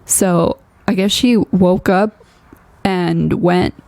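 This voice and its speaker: A woman co-hosting a podcast in easy, rambling conversation, her voice gravelly with a dry, close sound. She circles back often, with filler words and restarts. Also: lowish voice, fairly even intonation, extremely slow, darkish tone, dry recording. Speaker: podcast co-host. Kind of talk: casual chat.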